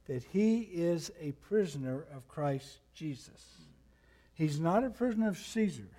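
A man preaching a sermon as pastor, swinging from hushed near-whispers to loud emphatic passages, reading scripture slowly and deliberately. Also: fairly high pitch, lively intonation.

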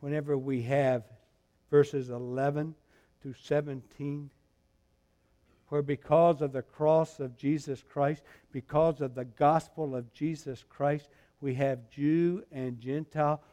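A man preaching a verse-by-verse sermon, swinging between loud, animated retelling and quiet, reflective reading, with restarts as he tells the story. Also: a little high, slow pace. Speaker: pastor. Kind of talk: expository sermon.

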